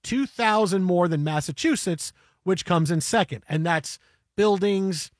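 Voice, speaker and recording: A male radio host telling a story in animated chat, getting excitable and breaking into shouts and chants. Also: high-pitched, unhurried, dry recording, studio quality.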